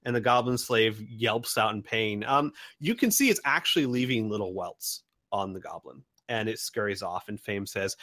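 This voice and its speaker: A man's voice: fairly low pitch, expressive, moderate pace, hardly any pauses, bright, forceful tone, no echo, clean studio sound. A man narrating as game master, describing scenes with many ums and restarts. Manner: rambling narration with many fillers.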